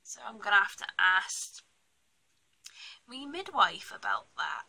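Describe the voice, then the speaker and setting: Young British woman, casual vlogger, blunt and ranty, very bright tone. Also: medium pitch, wildly swooping pitch, slow pace, creaky, husky, poor audio. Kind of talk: casual pregnancy vlog chat.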